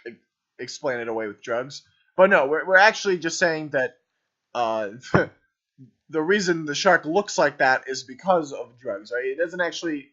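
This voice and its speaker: A man's voice: on the high side, fairly bright tone. A man coaching an improv troupe, casually commenting over a video of their scene in a rambling way, full of ums and "right?". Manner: rambling, filler-heavy, keeps asking "right?". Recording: dull lo-fi voice recording.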